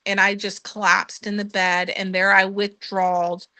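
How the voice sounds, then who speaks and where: A woman telling her own testimony in an earnest, conversational way, with many ums as she goes. Her voice is bright and clear, and it sits close and dry on the mic. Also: medium pitch, little pitch movement, measured pace, dry recording. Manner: earnest storytelling with frequent ums, acting out her own past words. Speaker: guest sharing her testimony.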